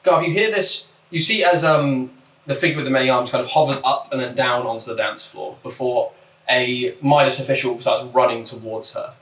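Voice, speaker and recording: Male game master, laid-back, fillers, mid pitch, echoey room. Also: normal speed. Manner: relaxed, lots of ums and uhs. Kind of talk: narrating a tabletop game. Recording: echoey room, distant mic, faint noise.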